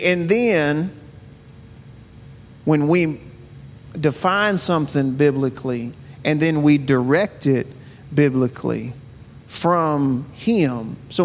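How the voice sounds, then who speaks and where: A man's voice: fairly high pitch, slow, pauses often, in a large hall, slight background noise. A man preaching a sermon as pastor, earnest, asking his listeners one rhetorical question after another.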